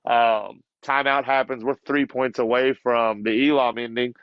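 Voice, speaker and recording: Male coach telling an animated story. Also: medium pitch, measured pace, clear, resonant tone, no room sound, highs cut off. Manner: lively storyteller who acts out what others said and laughs often. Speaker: basketball coach, podcast guest. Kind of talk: casual storytelling.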